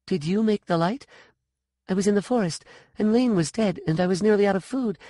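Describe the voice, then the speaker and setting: A man's voice: high-pitched, fairly quick, dark tone, no echo, clean studio sound, voice pushed up, close to an everyday voice. A man putting on a bewildered young girl.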